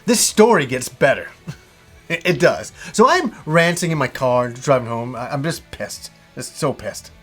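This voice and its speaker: A man's voice: mid-range voice, unhurried, breathy edge, soft background music. A man vlogging about games, telling a frustrating story in a casual ranting way, acting out the dialogue and swearing as he goes. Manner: animated retelling with swearing and acted-out dialogue. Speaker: video game vlogger.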